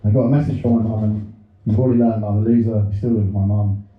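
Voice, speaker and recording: A man's voice: on the low side, fairly even intonation, quick pace. A man in his thirties doing a self-deprecating stand-up set in a comedy club, telling stories about his mum with quoted asides. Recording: very echoey, phone-like audio.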